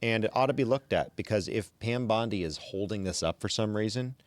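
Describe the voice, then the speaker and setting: Male podcast host, low voice, opinionated and chatty, dry close sound. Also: fairly quick, no echo. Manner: opinionated, stammers on restarts. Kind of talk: casual chat.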